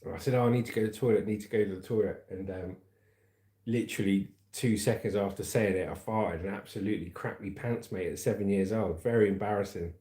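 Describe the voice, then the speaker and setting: A man's voice: on the low side, fast talker, warm tone. Cheeky chatty man, roomy echo. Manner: chatty and cheeky, laughing at his own jokes. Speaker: livestream host. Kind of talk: casual chat reading viewer comments and news.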